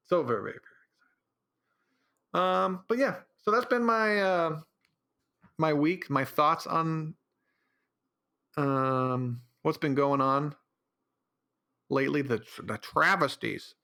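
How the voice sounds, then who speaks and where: Hosting his podcast alone, a man rants loosely about his opinions and keeps restarting his thoughts. His fairly high voice is slow and sharp-toned, with vocal fry and long pauses.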